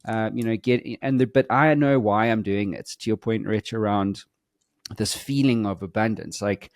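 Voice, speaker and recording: A man's voice: on the low side, moderate pace, dry recording, clean studio sound. A man in his forties, a podcast co-host, talking bluntly and emphatically in a casual conversation and swearing freely.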